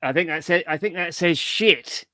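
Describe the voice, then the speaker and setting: A man's voice: on the high side, normal speed, bright, forceful tone, no echo. A middle-aged man, a comics writer, in a casual interview, telling his story in a rambling, digressive way.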